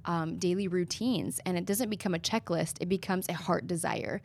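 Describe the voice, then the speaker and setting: A woman's voice: lowish voice, fairly even intonation, normal speed, a little mellow. A young woman, a guest in an interview, telling her testimony in an earnest, preacherly way.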